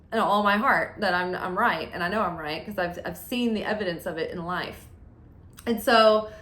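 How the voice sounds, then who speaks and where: A woman's voice: mid-range voice, fairly bright tone. Chatty woman reading tarot, echoey room. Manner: chatty, candid, laughs often. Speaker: tarot reader. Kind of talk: casual chat while reading cards. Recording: roomy echo.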